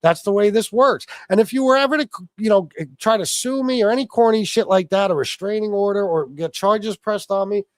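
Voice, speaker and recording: A man's voice: high voice, fairly quick, few pauses, no echo, studio quality. A man hosting a livestream, angrily ranting in a combative, profane way and repeating himself. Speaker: livestream host. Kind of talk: angry ranting livestream monologue.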